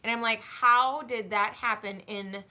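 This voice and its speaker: Bright-voiced chatty woman streamer. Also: a little high, unhurried. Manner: chatty, gushing thanks, excitable. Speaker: horse trainer and channel host. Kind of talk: live-stream Q&A chat.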